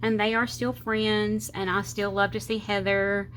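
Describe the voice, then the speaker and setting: A woman's voice: medium pitch, level tone, measured pace, fairly bright tone, slight background noise. A middle-aged woman with a Southern US accent, chatting casually and rambling as she decorates her planner, with slightly slurred speech, sometimes counting under her breath. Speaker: planner channel host. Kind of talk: casual chatty crafting vlog.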